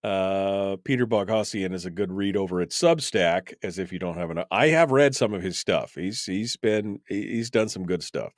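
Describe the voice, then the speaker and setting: A man's voice: sits low, moderate pace, few pauses, no echo, studio quality. A man hosting a casual call-in radio talk show, rambling loosely with many fillers and chuckles. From United States.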